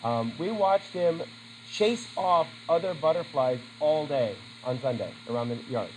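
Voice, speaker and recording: A man's voice: fairly high pitch, lively intonation, a little slow, slight background noise, rough recording. Chatty man teaching a class. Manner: chatty, asks the class questions. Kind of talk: classroom lesson.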